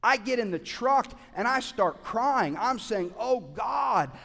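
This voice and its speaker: Male pastor, impassioned sermon delivery, high-pitched, church sanctuary with long reverb. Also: animated, takes it slowly, vocal fry. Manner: impassioned preaching, swings from loud urging to quiet asides. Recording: hall reverb.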